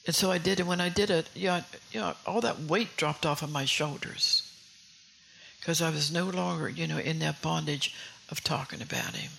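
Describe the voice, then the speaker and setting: A woman's voice: low-pitched, expressive, normal speed, creaky, pushed and bright, slight background noise, poor audio. A woman preaching a sermon in an earnest way, often repeating and restarting phrases and putting questions to her listeners.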